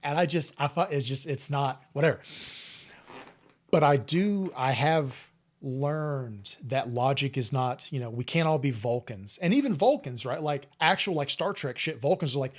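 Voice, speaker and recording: A man hosting a podcast interview, a psychologist talking in a candid, animated way with frequent swearing. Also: medium pitch, moderate pace. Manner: candid, profane, animated storytelling. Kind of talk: casual interview chat.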